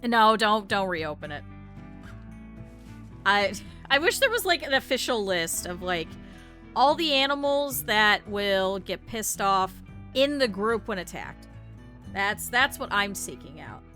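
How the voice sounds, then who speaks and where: A woman's voice: medium pitch, animated, a little slow, pushed and bright, faint music behind. A young woman streaming a video game, chatting casually with her viewers and swearing in exasperated bursts at the game. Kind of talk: casual gameplay commentary.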